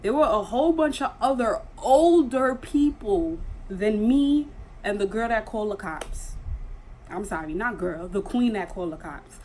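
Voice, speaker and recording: A woman's voice: medium pitch, expressive, measured pace, warm tone, a little hiss or hum, poor audio. A young woman vlogging, casually and earnestly telling a story and repeating phrases for emphasis.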